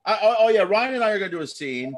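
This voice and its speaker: A man's voice: high voice, animated, very fast. A man hosting an improv comedy show over a video call, chatty and rambling. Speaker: improv host. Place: home via video call.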